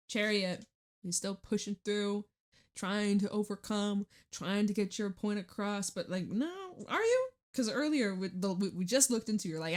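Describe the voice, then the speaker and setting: A woman talks through a tarot spread in a loose, chatty way, full of fillers and quick laughs. Her voice sits in an ordinary middle pitch for a woman. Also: lively intonation. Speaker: tarot reader. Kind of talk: casual tarot reading.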